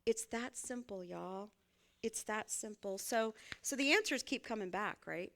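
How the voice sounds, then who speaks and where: Bright, lively woman preaching. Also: medium pitch, moderate pace, vocal fry. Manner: conversational, folksy, laughs often. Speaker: minister. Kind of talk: sermon.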